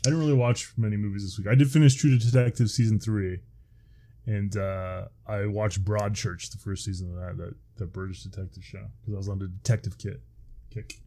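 A man's voice: lowish voice, fairly even intonation, brisk, warm tone. A man co-hosting a podcast, talking loosely with many fillers and restarts. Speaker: podcast co-host. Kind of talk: casual chat.

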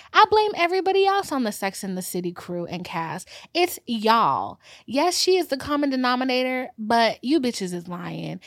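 A woman in her twenties from the Caribbean, hosting a podcast and telling stories in a casual, animated way, dipping into whispers and high squeals. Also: no echo, clean studio sound. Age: 20s. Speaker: podcast host. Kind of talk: casual storytelling monologue.

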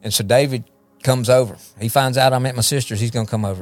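A man's voice: mid-range voice, fairly even intonation, fast, dry recording, soft background music. A man shares his personal testimony as a podcast guest, rambling and repeating words as he talks. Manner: rambling, repeats words, often asks "you know what I mean?". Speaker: guest, recovery ministry leader.

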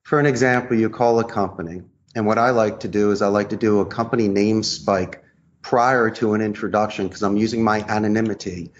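A man being interviewed as a guest, talking in a lively, theatrical way, laughing often as he acts out sales calls. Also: fairly low pitch, brisk, a little hiss or hum. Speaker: guest, customer service trainer. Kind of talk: animated interview talk acting out sales calls. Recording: muffled lo-fi audio.

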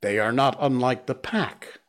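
Man reading as Akela, a calm old wolf. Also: mid-range voice, close to an everyday voice. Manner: calm, measured.

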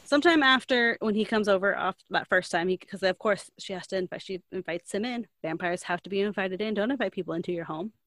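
A woman's voice: mid-range voice, fast, hardly any pauses, a bit bright, no echo. A woman in casual chat, retelling a story in a rambling way, saying "like" constantly and acting out the quotes. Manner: rambling, fillers 'like' constantly, acts out quotes.

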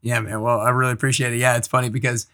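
Podcast host guy, super upbeat, bright forceful voice, medium pitch. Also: level tone, very fast. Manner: upbeat, enthusiastic. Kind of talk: podcast intro and interview.

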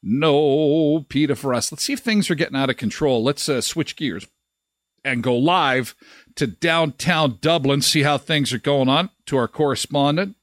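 A man hosting a live show, reacting to a clip with animated, laughing remarks. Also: fairly high pitch, moderate pace, no room sound, studio quality. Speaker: host.

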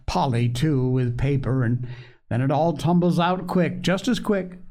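A man voicing an eager, earnest four-year-old girl in a storybook reading, in a high, excited, pleading voice. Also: unhurried.

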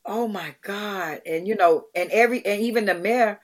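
Middle-aged woman, animated, conversational storytelling, frequent restarts. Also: medium pitch, moderate pace. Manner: animated, acts out quotes, many restarts. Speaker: guest, charity founder.

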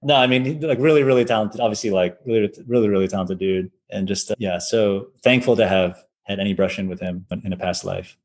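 A man in his forties, a violinist guest telling anecdotes in a loose, animated way, with lots of "like" and acted-out quotes. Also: on the low side, fast, hardly any pauses. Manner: animated, acts out quoted voices, many fillers. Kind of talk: casual anecdotal storytelling.

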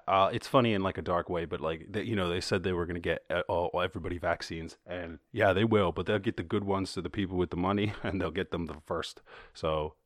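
A man's voice: sits low, no echo, studio quality. A man with an Irish accent hosting a podcast, riffing on news stories in casual, profane commentary with joking asides and sarcastic put-on voices. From Ireland. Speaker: podcast host.

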